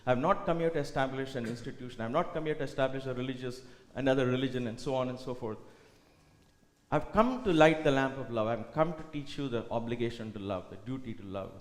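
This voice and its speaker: A man's voice: medium pitch, quick pace. A man giving a spiritual talk at a retreat, telling stories earnestly and voicing the people in them. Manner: earnest, animated storytelling with quoted dialogue. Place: retreat hall. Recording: echoey hall with long reverb.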